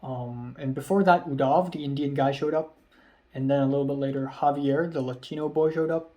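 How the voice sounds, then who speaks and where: A man's voice: mid-range voice, fairly even intonation, fairly quick, mellow. A young man from Hong Kong telling a rambling, self-deprecating vlog story full of ums and repeated phrases. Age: young adult. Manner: self-deprecating, laughs at himself. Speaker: vlogger.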